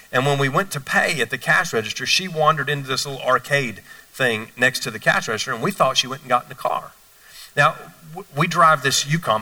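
A male pastor preaching a sermon from a church stage, telling stories in a lively, playful way. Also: medium pitch, far from the mic, low-quality recording.

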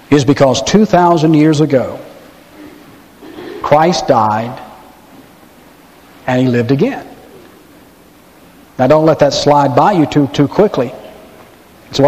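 Male pastor, sermon delivery, dramatic slow-downs, reverberant hall sound. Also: fairly high pitch, a little mellow. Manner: dramatic storytelling, pauses and slows for emphasis.

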